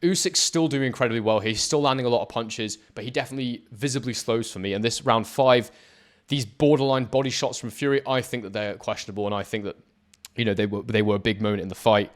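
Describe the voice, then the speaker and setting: A man's voice: medium pitch, fast. A man analysing boxing footage, speaking emphatically and addressing his viewers directly. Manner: emphatic, talks straight to viewers. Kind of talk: talking over fight footage.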